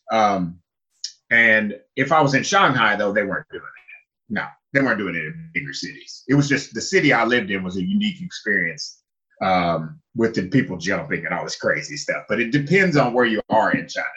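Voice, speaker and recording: A man in casual conversation telling animated stories, acting out the people he met with big jumps in his voice. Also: on the low side, dull audio. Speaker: guest who lived in China. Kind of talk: casual storytelling chat.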